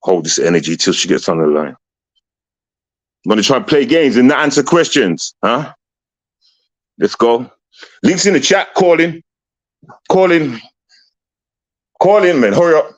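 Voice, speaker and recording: A man's voice: mid-range voice, sing-song, unhurried, long pauses. A man hosting a livestream call-in, confrontational and repetitive, swearing and ranting at a caller. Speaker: livestream host.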